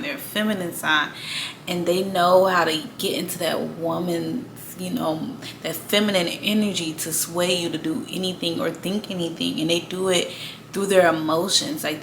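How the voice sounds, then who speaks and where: Bright-voiced woman ranting casually. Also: lowish voice, slight background noise. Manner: blunt, swearing, slangy, frequent laughs. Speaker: astrology vlogger. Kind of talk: casual monologue.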